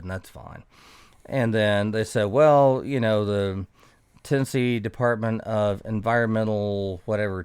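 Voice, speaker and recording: A man's voice: fairly low pitch, clear, resonant tone, no room sound, studio quality. A man telling a rambling, profane, sarcastic story in casual podcast chat. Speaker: podcast guest.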